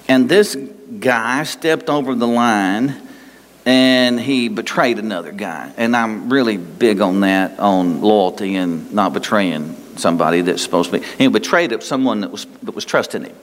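A man preaching a sermon as pastor, animated and conversational, with asides. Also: medium pitch. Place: church sanctuary. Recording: long reverb of a large hall.

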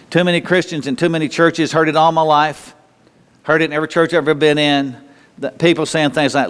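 A man's voice: on the high side, steady tone, brisk, smooth. A man preaching a sermon in a church, talking conversationally to the congregation, repeating words and asking rhetorical questions. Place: church sanctuary. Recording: long hall reverb.

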